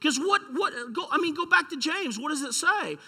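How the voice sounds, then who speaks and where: Male pastor, emphatic sermon delivery, high bright voice, big hall reverb. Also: expressive, normal speed. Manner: emphatic, rhetorical questions, storytelling.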